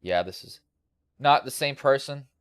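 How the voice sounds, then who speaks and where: Male sim racing host, slight country lilt, relaxed rambling recap, crisp and dry on a headset. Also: mid-range voice, measured pace, dry recording. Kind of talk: post-race commentary.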